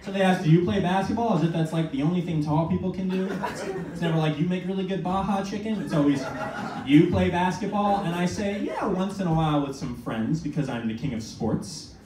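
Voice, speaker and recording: A young man in his twenties performing a stand-up comedy set, telling self-mocking stories with quick asides. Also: on the high side, a crowd in the background. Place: small comedy venue with audience. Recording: echoey room from a far mic, noisy.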